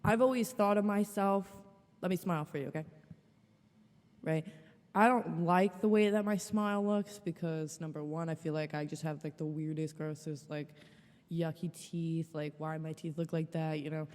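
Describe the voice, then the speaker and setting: A woman's voice: sits low, steady tone, normal speed, a little mellow, big-room sound. A woman hosting a podcast, telling a story in a casual, rambling way that is frank and full of swearing. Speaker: podcast host.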